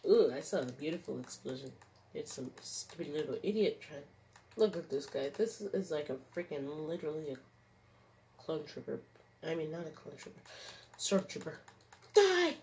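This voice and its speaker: A woman giving casual gameplay commentary, excitable, squealing and yelling taunts. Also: low-pitched, moderate pace. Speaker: gaming streamer.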